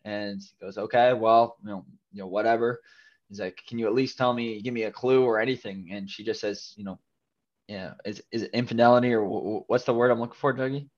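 Recapping a TV episode on a casual podcast, a man co-hosts with a fairly low, fairly even voice at a brisk pace. He rambles with many fillers and restarts, and the sound is dull.

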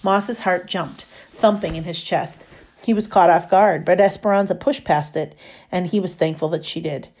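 A woman reading a novel chapter aloud in a steady storytelling manner. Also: fairly low pitch, moderate pace. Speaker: reader.

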